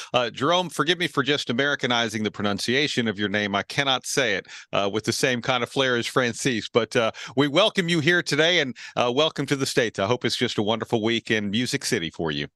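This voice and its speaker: Bright-voiced male interview host. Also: medium pitch, no echo, studio quality. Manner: enthusiastic, rambling questions. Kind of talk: interview questions.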